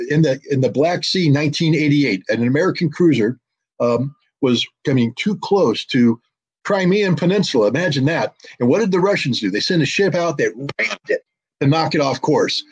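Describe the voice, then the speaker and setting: A man's voice: medium pitch, breathy edge, poor audio. A man speaking as an interview guest, blunt and combative, mocking the people he criticizes. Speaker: guest commentator. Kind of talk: interview, heated commentary.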